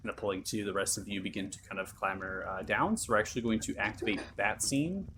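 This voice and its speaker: A game master running a tabletop game, describing scenes in a loose, animated way. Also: low-pitched, fast, background noise.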